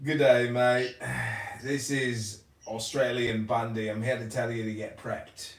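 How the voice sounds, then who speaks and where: A man voicing a deep, gravelly, mock-serious Australian bloke in a parody ad. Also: level tone, unhurried, distant mic, natural voice. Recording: roomy echo, off-mic.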